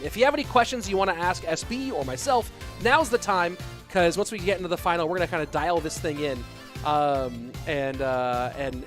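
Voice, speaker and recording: Higher-pitched American man casting esports. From California. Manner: chatty, reads chat questions aloud. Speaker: esports caster and stream host. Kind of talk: live esports commentary.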